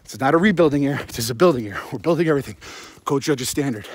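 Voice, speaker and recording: A man's voice: mid-range voice, animated, quick pace, husky, no echo. Winded man ranting while jogging. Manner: rambling, sarcastic, heavy swearing. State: out of breath. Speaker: sports podcast host. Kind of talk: profane postgame rant while jogging. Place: outdoors at night, running in the cold. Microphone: phone.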